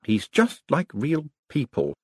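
A man voicing a calm confiding father. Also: mid-range voice, takes it slowly, slightly rough, no room sound, studio quality, voice pushed up, full character voice. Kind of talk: audiobook character voice.

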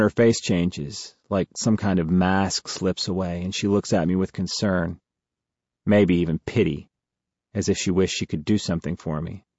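A man narrating a first-person novel as an audiobook in a steady, measured way. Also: low voice, dry recording, lo-fi sound.

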